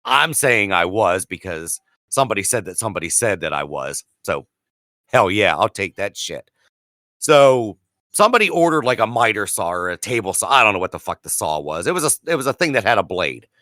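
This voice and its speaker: Man in his 40s, podcast co-host; bright tone, dry close sound, profane self-mocking storyteller. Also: sing-song, fairly quick, no echo. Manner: profane, self-mocking, acts out quotes with rising pitch. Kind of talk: casual storytelling.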